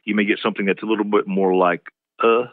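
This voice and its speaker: Heard through a dry, tinny phone-like connection with no room sound, a professor from East Tennessee speaks as an interview guest in a very low Southern American voice. His delivery is flat and rapid-fire, yet he explains patiently like a lecturer, frequently starting his phrases over.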